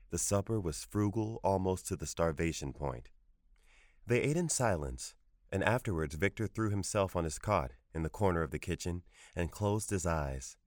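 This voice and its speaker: A man narrates a short story at a measured pace. His voice sits very low, and the recording is close and dry, with no room sound. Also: darkish tone, no room sound. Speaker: audiobook narrator. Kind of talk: scripted narration.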